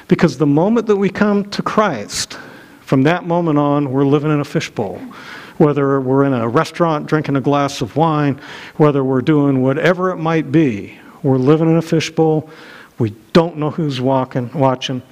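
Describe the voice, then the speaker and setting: A man's voice: medium pitch, darkish tone. A middle-aged man preaching a sermon, telling a personal story in a conversational, self-deprecating way with frequent restarts, recorded in a church. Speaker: pastor. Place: church sanctuary.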